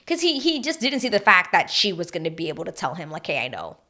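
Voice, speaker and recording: A woman's voice: medium pitch, sing-song, quick pace, sharp tone. A young woman recapping a reality dating show to her viewers in a chatty, gushing way, full of fillers and emotional asides. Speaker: recap vlogger.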